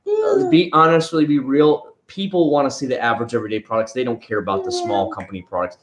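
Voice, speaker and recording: A man hosting a casual late-night livestream, answering viewers in a rambling, plainspoken way with halting restarts. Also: medium pitch, big pitch swings. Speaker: livestream host reviewing car-care products. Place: home room with a young child nearby. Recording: echoey room with background noise. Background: noise, a child crying at times.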